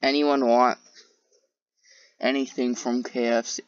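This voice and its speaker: A woman's voice: a bass voice, little pitch movement, slow, clear, resonant tone, no echo. A woman commentating on clips in a sarcastic, incredulous way, with many hesitant fillers. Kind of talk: reaction commentary. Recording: dull lo-fi dry recording.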